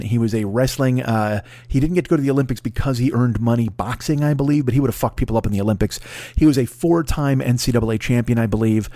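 A man rattles off a profane, rambling comedy monologue as a podcast host, his words tumbling out at a rapid clip. His pitch sits in an ordinary middle range. The recording is close and completely dry, with no room sound. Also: darkish tone, no room sound. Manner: profane, rambling, jokey asides.

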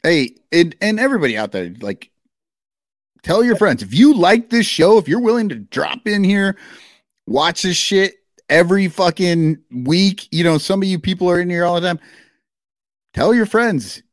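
A man with a high voice co-hosts a podcast, talking at a moderate pace in casual chat full of animated, profane rants, heavy swearing and rambling asides. The studio-quality recording has no room sound.

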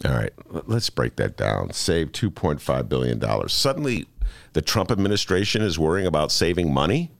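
A man's voice: rumbling low, sing-song, a little fast, gravelly, no echo. A man hosting a political talk radio show, riffing sarcastically with jokey asides to his listeners.

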